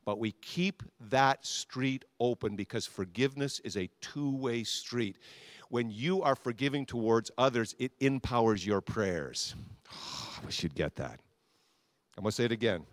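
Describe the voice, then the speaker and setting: A male pastor with a mid-range voice preaches at a normal speed, heavy on emphatic repetition. He leads the congregation in call-and-response, having them echo his phrases back, and the recording is dry.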